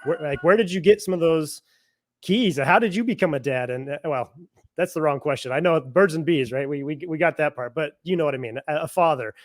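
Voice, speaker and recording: A male podcast host with a somewhat higher voice asks long, searching questions, restarting and rephrasing as he goes. His voice sits dry and close to the microphone. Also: brisk, no room sound. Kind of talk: conversational interviewing.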